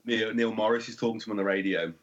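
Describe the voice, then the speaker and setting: A man's voice: fairly low pitch, racing, lo-fi sound. A man with a Birmingham accent, chatting easily about making his film, with lots of fillers. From England. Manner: easygoing, explains with many fillers. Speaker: film director and writer, guest. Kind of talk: casual commentary chat.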